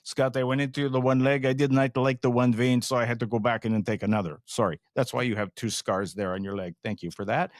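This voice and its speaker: A man's voice: mid-range voice, steady tone, fast talker, hardly any pauses, no echo, studio quality, natural voice. A man voicing a matter-of-fact male French Canadian surgeon with a put-on French Canadian accent.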